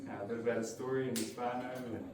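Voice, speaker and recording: A young man with a New Zealand accent giving a halting, emotional farewell speech, his voice choking up between fillers. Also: mid-range voice, steady tone. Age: young adult. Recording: echoey room, distant mic, loud noise.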